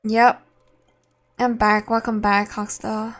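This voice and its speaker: A woman's voice: on the high side, level tone, slow, a bit bright. A woman streaming a game, chatting casually and thinking aloud, laughing easily. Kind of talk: casual let's-play commentary.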